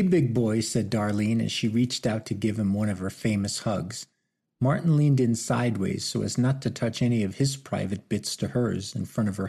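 Deep, dark, gravelly man reading a novel aloud, steady and even. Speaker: audiobook narrator. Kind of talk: scripted narration.

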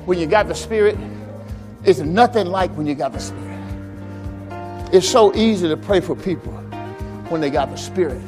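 A man's voice: sits high, animated, normal speed, long pauses. Pastor guy preaching a sermon, calls out to the crowd, tells stories, faint music and a big hall echo. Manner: preaching with call-and-response, rising to shouts; storytelling with acted quotes and sound effects. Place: church sanctuary. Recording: church service recording with long hall reverb and faint music.

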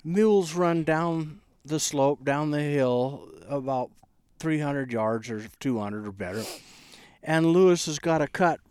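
A man telling a story in casual chat, halting and low-key, with frequent restarts. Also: a little mellow, clean tone, no room sound, clean studio sound.

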